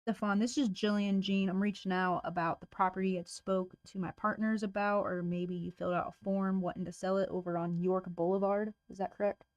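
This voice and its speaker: A woman's voice: mid-range voice, little pitch movement, a little fast, hardly any pauses, no room sound. Blunt, slangy woman on a dry, muffled mic. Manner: blunt, slangy, talks to herself. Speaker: real estate cold caller. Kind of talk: casual livestream chat while making calls.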